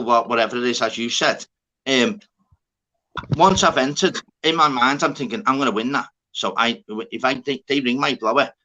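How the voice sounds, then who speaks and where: A man's voice: mid-range voice, bright, forceful tone. A man telling a sweary story in casual chat. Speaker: host.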